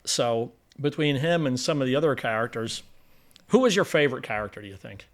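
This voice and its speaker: A man's voice: mid-range voice, animated, brisk. A man hosting a film review podcast in a casual, rambling chat with many restarts.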